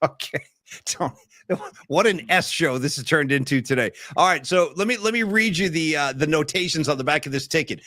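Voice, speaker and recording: A man in his fifties from Northern California, hosting a livestream podcast and chatting in an excitable, rambling, slangy way over a streaming call mic. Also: on the high side, fairly quick, no room sound, studio quality. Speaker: podcast host. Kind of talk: casual livestream chat.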